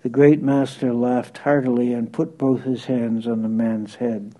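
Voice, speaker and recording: Man reading a devotional story, steady and measured, deep mellow tone. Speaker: reader.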